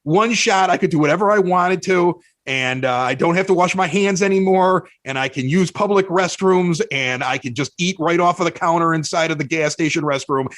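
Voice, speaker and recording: A man with a Chicago accent, a podcast guest telling animated, self-mocking stories in casual chat, often restarting his sentences. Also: fairly high pitch, normal speed, hardly any pauses, dry recording.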